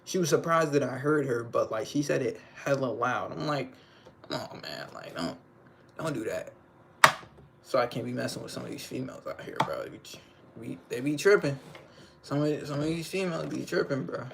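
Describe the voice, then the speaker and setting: A man's voice: medium pitch, brisk, gravelly, slight background noise. A young man hosting a casual livestream, rambling in slangy talk and often checking in with his viewers. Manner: rambling, slangy, keeps asking "you know what I'm saying". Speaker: livestream host.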